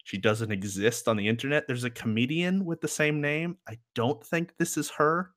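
A man's voice: mid-range voice, moderate pace, a bit bright. A man co-hosting a casual music podcast, rambling and joking as he reviews songs. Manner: rambling, joking, laughs often. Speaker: podcast co-host.

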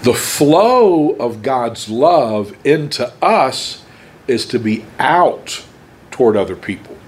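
A man preaching a sermon, emphatic and conversational, with pauses between phrases. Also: mid-range voice, sing-song.

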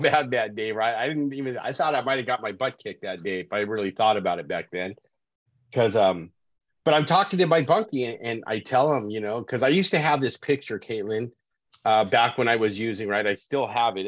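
A man's voice: mid-range voice, dry recording. A middle-aged man, a sobriety coach, telling his life story casually in an interview and often checking in with "right?". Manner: conversational, keeps asking "right?". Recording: dry, dull lo-fi call audio.

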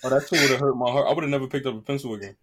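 A man chiming in with quick, dry reactions during a casual podcast chat. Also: medium pitch, steady tone, noisy background.

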